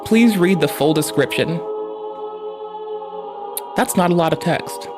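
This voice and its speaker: A man's voice: on the high side, expressive, slow pace, music in the background. Profane ranting streamer man. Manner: heavily profane, heated. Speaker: livestreamer. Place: at his desk.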